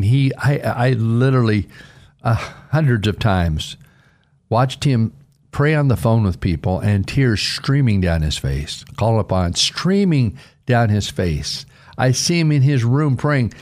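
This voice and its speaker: An older man with a gravelly edge preaches a radio devotional. He talks earnestly and emphatically, lifting his voice on the points he wants to stress. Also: darkish tone. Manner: earnest, emphatic, pitch rising on key phrases. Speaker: radio pastor.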